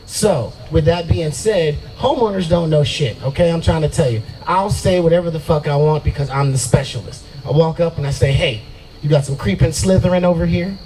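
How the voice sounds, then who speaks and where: Outdoors at a brewery open mic, a man in his forties delivers a profane, boastful stand-up set, laughing at his own jokes. His mellow, highish voice moves briskly with few pauses, and the poor audio carries slight background noise.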